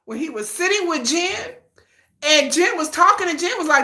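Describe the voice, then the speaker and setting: Woman livestream host, very lively bright voice, echoey room. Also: high voice, normal speed, long pauses. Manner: animated, laughing, gushing, acts out quotes. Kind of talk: casual livestream chat.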